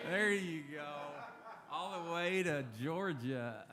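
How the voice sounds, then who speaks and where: A man's voice: high-pitched, lively intonation, normal speed. Joking man emceeing over guitar. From Lawton, Oklahoma. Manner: joking, playful, chatty, coaxing the crowd. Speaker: emcee at a memorial service. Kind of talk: live stage banter to an audience. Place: church hall, live event. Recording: live guitar music underneath.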